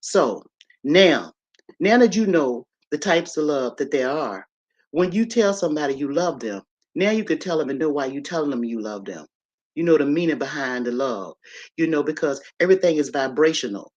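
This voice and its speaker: A livestream host talking casually to viewers, greeting them as they join, often tagging sentences with "okay?" and "right?", and slowly spelling out words letter by letter. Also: mid-range voice, lively intonation, highs cut off. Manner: checks in with frequent "okay?" and "right?" tags. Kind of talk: casual live-stream talk on a faith-tinged topic.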